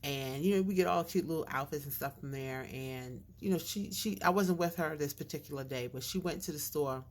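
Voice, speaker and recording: A middle-aged woman vlogger telling a casual story, animated and a little slurred in her diction. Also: low-pitched, fairly quick, a little hiss or hum. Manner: animated storyteller, acts out quoted voices.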